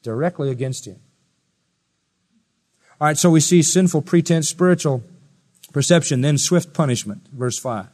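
Preacher, male, slightly high voice, emphatic with sudden loud peaks, rhetorical questions, reverberant hall. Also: normal speed, long pauses. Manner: emphatic, rising to loud high-pitched exclamations then dropping quiet; addresses listeners with rhetorical questions. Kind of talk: sermon.

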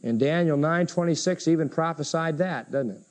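A male preacher giving a sermon, reading scripture dramatically and acting out the voices of the people he quotes. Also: normal speed. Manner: acts out quoted voices with big pitch swings.

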